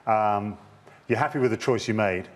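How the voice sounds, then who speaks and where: A man's voice: fairly low pitch, moderate pace. A man presenting a rugby TV show, introducing it and teasing his guest with questions. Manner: jokey, teasing interviewer. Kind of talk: broadcast hosting and interviewing. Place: TV studio.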